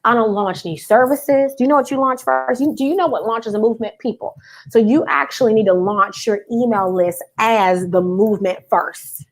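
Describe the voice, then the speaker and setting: Energetic woman coaching a live audience. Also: a little high, normal speed. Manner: energetic, call-and-response, repeats for emphasis. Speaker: business coach. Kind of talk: live-streamed business teaching.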